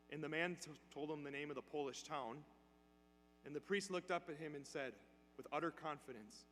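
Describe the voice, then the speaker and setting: A male priest giving a sermon in a church, telling a story in a conversational, animated way. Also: on the high side, a little fast. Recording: long church reverb, faint hum.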